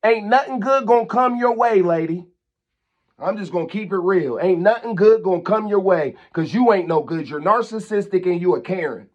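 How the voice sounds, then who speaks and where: A man's voice: high-pitched, moderate pace, highs cut off. A man, hosting his own vlog and delivering a heated, repetitive, scolding rant at a neighbor. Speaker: channel host.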